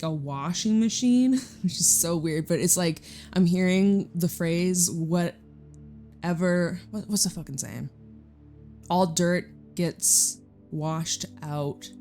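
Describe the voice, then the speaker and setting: Mellow-voiced Canadian tarot reader. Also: female voice, fairly low pitch. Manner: casual, chatty, drawn-out emphatic phrases. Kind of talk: intuitive tarot reading to camera.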